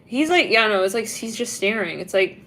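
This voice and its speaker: Doing a relaxed tarot reading, this young woman wanders from point to point, giggles a lot, and fills her speech with "like." She has a medium-pitched, expressive voice with a fairly bright tone and a brisk pace.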